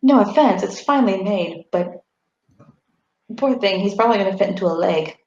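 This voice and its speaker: A wry female elf traveler, played by a woman at the table, measured and politely teasing. Her voice has a gravelly fry. It sounds echoey through a muffled mic. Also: mid-range voice, animated, darkish tone, close to an everyday voice.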